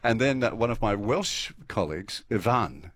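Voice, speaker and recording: A man's voice: on the low side, expressive, moderate pace, fairly bright tone. A chatty, easygoing man presenting breakfast radio from a studio, laughing often.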